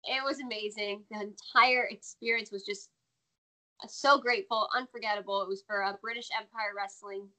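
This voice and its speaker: An American woman, a former wrestler, chatting as a guest in an interview, animated and laughing often. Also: medium pitch, normal speed. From United States. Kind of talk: casual interview chat.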